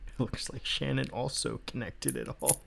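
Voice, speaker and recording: Gravelly young man, laughing a lot. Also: medium pitch, fairly even intonation, moderate pace, fairly bright tone, slight background noise. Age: young adult. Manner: laughs often, mumbles while working. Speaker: stream co-host. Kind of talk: casual chat while writing.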